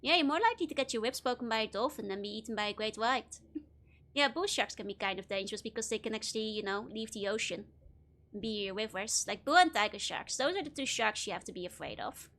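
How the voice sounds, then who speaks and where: A woman streamer talks casually over her game. Her voice sits a little high. She rambles chattily from one bit of trivia to the next and giggles often. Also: animated, quick pace, fairly bright tone. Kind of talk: casual live-stream commentary.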